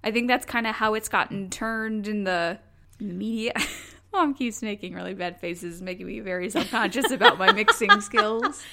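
Brief: young female podcast co-host, giggly and animated, bright tone. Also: mid-range voice, normal speed, gravelly. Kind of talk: casual chat.

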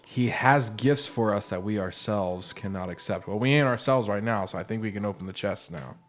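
A man playing in a tabletop role-playing game, cracking jokes and laughing a lot in casual chat. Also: fairly low pitch. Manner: jokey, laughs a lot, quick asides. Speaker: player.

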